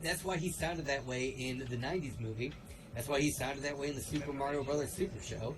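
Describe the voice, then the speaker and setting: A man's voice: mid-range voice, a little fast, recorded from a distance, noisy background. A man co-hosting a let's play stream, chatting casually and telling stories with laughs and mimicked voices. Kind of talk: casual chat over gameplay.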